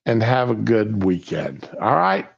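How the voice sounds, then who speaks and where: Older male host, halting casual chat, muffled lo-fi stream audio. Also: fairly low pitch, very animated, creaky, husky. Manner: halting, with many restarts and fillers.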